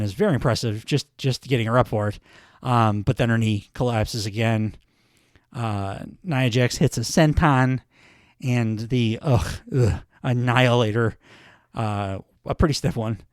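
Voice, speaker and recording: Male podcast host, casual recap, frequent ums, mid pitch, dry close mic. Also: dry recording. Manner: chatty, many fillers, laughs at himself.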